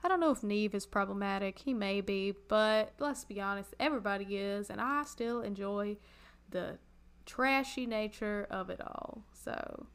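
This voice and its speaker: A woman co-hosting a podcast in casual chat, chatty and quick to laugh. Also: medium pitch, clean tone. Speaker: podcast co-host.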